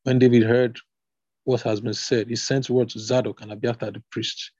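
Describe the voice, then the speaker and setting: A man's voice: medium pitch, flat delivery, normal speed, darkish tone, husky, no room sound. A man reading scripture aloud in a plain manner, stopping now and then to reread a passage. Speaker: scripture reader. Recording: dull, slightly lo-fi recording.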